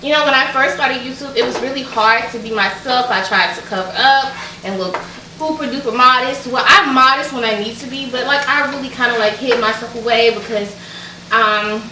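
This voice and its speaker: A chatty Southern woman with an Alabama accent and a fairly high voice talks her viewers through a recipe in her home kitchen. Her voice bounces around the echoey room from a few steps back off the mic. Food frying and sizzling in a pan runs behind her the whole time. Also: moderate pace, distant mic, background noise. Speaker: cooking vlogger. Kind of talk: casual cooking tutorial chat.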